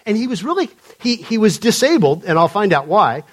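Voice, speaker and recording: High-voiced preacher telling stories. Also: male voice, sing-song, fast talker, hardly any pauses. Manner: conversational, humorous storytelling. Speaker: pastor. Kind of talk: sermon. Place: church before a live congregation.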